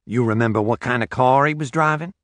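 A man's voice: mid-range voice, fairly quick, fairly bright tone, no echo, natural voice. A man voicing an adult male reporter who asks friendly, offhand questions. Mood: casual.

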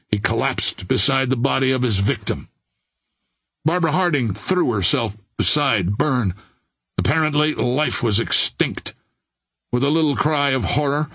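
Slow, husky audiobook narrator, man. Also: medium pitch, no room sound, studio quality. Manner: measured, expressive storytelling.

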